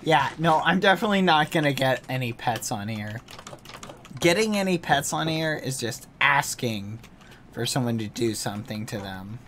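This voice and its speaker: Animated, playful man streamer. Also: mid-range voice, normal speed, slight background noise. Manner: playful, gushing, sudden squeals. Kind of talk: live game stream chat.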